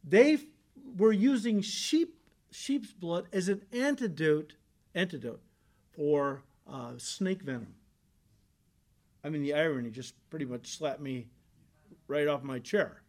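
A male pastor giving a conversational sermon, rising into emphatic bursts and dropping low and soft on solemn points. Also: slow pace, pauses often.

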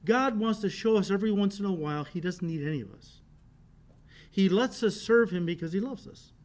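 Male pastor, middle-aged, high pitch; animated storytelling sermon with big volume shifts. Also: a little fast.

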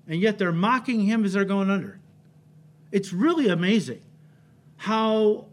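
A male pastor preaching a sermon, emphatic, rising to loud cries and dropping low, often checking in with the congregation. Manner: emphatic, builds to loud cries then drops low, frequent "right?" checks.

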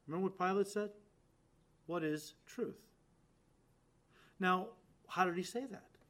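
A man delivering a sermon in a voice pitched a little above the usual for men. He hits key words hard and lets his phrases sink to quiet, low endings. He speaks straight to his listeners and acts out the lines he quotes. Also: unhurried. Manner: emphatic, swings from loud stresses to quiet low endings. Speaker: preacher.

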